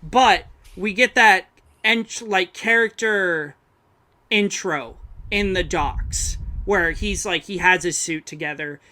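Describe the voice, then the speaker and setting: A young man in a casual film discussion, talking in a halting way as he searches for words, with loose, amused slang. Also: high-pitched, pushed and bright. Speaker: film podcast co-host.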